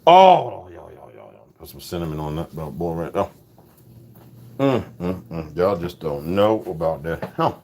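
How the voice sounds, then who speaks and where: A man's voice: low-pitched, sing-song, a little slow, a little mellow. A man live streaming from his home kitchen, casually chatting with viewers and muttering to himself as he cooks, with speech. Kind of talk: casual live-stream chat while cooking.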